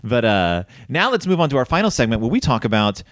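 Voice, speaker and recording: Guy chatting about old movies on a podcast, super animated, dry mic. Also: medium pitch, fast, no room sound. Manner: animated storytelling, many fillers. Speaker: podcast host. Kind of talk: casual film discussion.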